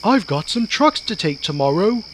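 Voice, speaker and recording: A man's voice: sits high, big pitch swings, normal speed, slight background noise. Henry, a man doing a kindly big engine.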